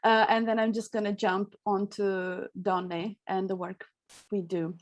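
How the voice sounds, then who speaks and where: A woman from Brazil talks in a chatty, friendly way. She is a soprano speaking on an online panel. Her voice sits at a middle pitch and comes over a video call. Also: level tone, unhurried, dull audio.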